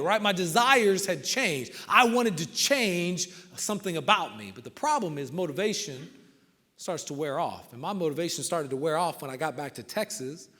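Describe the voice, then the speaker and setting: A man giving a humorous, animated motivational talk, telling a story and often checking in with the audience. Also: high-pitched. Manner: animated, keeps asking the crowd "right?". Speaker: motivational speaker. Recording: long reverb of a large hall.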